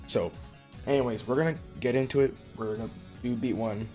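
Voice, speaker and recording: Excitable young man over game music. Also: medium pitch, a little fast. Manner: excitable, gasping, frequent exclamations. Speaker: game reaction creator. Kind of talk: casual reaction commentary. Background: game music playing.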